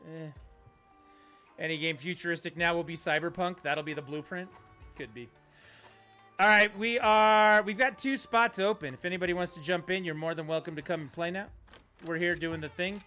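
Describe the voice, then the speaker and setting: A man's voice: a little high, pushed and bright. A man streaming a video game, chatting casually and ranting bluntly, with some profanity. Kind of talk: casual livestream chat while gaming.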